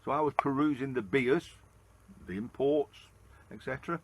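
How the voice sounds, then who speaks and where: A chatty man with a Lancashire accent narrates a casual travel vlog from a handheld camera, rambling along with easy fillers. His voice sits at an ordinary middle pitch for a man. Faint street or pub ambience hums in the background. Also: normal speed, background noise. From Lancashire, England. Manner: chatty, rambling storyteller with frequent "uh"s. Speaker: travel vlogger. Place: outdoors on a town street, then inside a pub.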